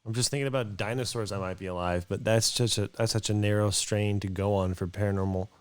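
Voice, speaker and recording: A man co-hosting a podcast in casual chat, relaxed and low-key in the way he talks. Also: fast talker, smooth. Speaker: podcast co-host.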